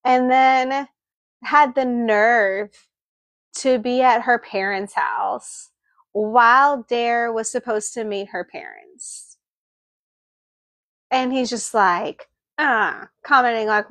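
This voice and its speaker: A woman's voice: a little high, takes it slowly, pauses often, no room sound. A woman co-hosting a book club, animatedly retelling the plot in casual discussion. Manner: animated retelling, acting out character lines.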